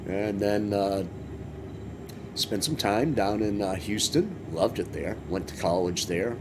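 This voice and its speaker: A man's voice: on the low side, slow pace. A man from Massachusetts giving rambling, joking commentary while streaming a farming game. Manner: chatty, rambling, joking asides. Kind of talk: casual gameplay commentary. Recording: game vehicle engine noise behind.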